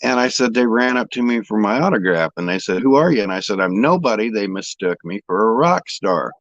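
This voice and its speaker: A man's voice: lowish voice, expressive, brisk, fairly bright tone, no room sound, dull audio. A man from the American Midwest, casually chatting and telling long rambling anecdotes with some swearing. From Indianapolis, United States. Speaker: storyteller in a chat. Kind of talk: casual chat.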